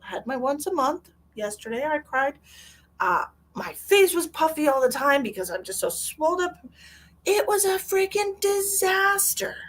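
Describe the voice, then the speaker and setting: A woman's voice: high-pitched, very animated, normal speed, a bit bright. Candid, emotional woman chatting on a livestream. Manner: candid, emotional, swears freely, reads viewer comments. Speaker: psychic medium livestream host. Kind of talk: casual livestream chat.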